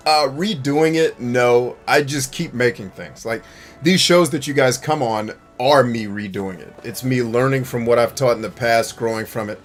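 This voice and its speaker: A man hosting a live stream in casual chat, talking bluntly and profanely, laughing often and bursting into shouts when he acts out a scene. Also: medium pitch, normal speed. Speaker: streamer and gaming show host.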